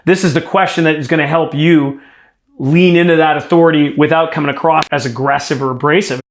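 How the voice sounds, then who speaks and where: Male sales coach, slightly high voice, direct and emphatic, roomy echo. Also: steady tone, fairly quick. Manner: direct, emphatic, demonstrates lines. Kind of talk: coaching workshop.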